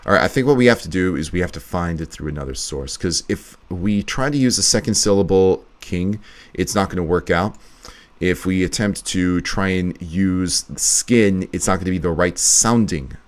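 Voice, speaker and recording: A man's voice: low voice, normal speed. A man editing a video live, chatting casually and thinking aloud as he works. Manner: thinking aloud, muttering to himself. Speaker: video editor streaming live.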